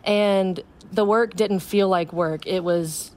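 A woman's voice: mid-range voice, fairly even intonation, takes it slowly. A young woman, a drama student, speaking over a phone line, giggly and a little shy.

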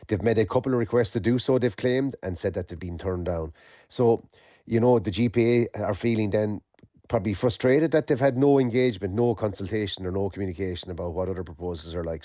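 Irish man, dark mellow sports reporter. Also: on the low side, no echo, studio quality. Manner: measured, many fillers and restarts. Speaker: sports correspondent. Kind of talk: radio sports news report.

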